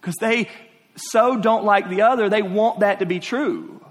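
A male pastor preaches with a somewhat high voice. He drops to hushed, drawn-out lines, then builds to emphatic questions and repeated phrases. His words ring with the long reverb of a church hall. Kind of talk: sermon. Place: church sanctuary.

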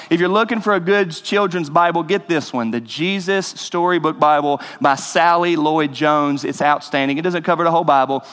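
A man's voice: a little high, moderate pace, a bit bright. A man preaching a sermon as pastor, earnest and conversational, rising to emphasis. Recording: reverberant hall.

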